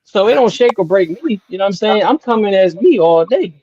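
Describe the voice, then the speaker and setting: A man's voice: high voice, lively intonation, a little fast, darkish tone, highs cut off. Emphatic man, a podcast guest. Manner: emphatic, preachy, often asks "you know what I'm saying". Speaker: guest, music artist. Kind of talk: casual podcast interview.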